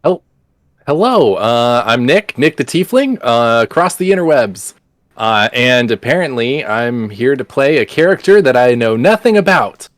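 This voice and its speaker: A man's voice: medium pitch, sing-song, measured pace, no echo, studio quality. A man playing in a tabletop game stream, casual and hesitant, laughing a lot. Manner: hesitant, laughing, lots of fillers. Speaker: player. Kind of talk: casual chat.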